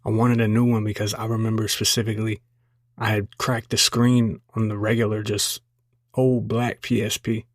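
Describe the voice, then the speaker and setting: A man in his twenties, a podcast host, casually telling a childhood story in a relaxed, self-deprecating way. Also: on the low side, moderate pace, dry recording, clean studio sound.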